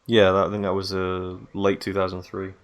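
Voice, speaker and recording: A man hosting a podcast, asking questions in a relaxed way and giving short replies. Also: sits low, normal speed. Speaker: podcast host. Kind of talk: casual interview.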